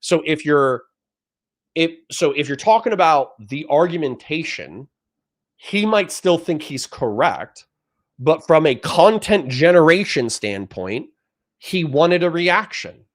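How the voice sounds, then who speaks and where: A man's voice: a little high, big pitch swings, slow pace. Heated, profane man ranting at chat. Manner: heated, profane, lectures the audience. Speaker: streamer reacting to chat. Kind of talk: ranting political commentary.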